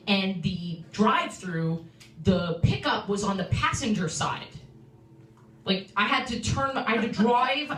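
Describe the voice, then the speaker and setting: A woman's voice: mid-range voice, roomy sound, distant mic. A young woman from New York City doing a stand-up set at an open mic, chatty and self-interrupting, laughing at her own jokes, recorded from a phone in a small room. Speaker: stand-up comedian. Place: small comedy room indoors. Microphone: phone livestream from the room.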